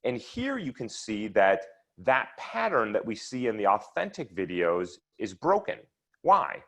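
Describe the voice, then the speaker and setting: Low-voiced man lecturing on research. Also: sing-song, unhurried, a bit bright. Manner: explanatory, walks listeners through charts step by step. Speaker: researcher presenting at an online seminar. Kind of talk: lecture with slides.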